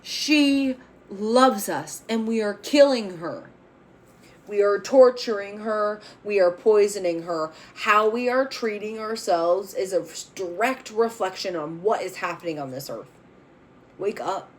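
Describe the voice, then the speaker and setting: A woman's voice: medium pitch, unhurried. Blunt, fiery woman reading tarot. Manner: blunt, fiery and profane, with emphatic declarations. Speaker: tarot reader. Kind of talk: spiritual tarot reading vlog.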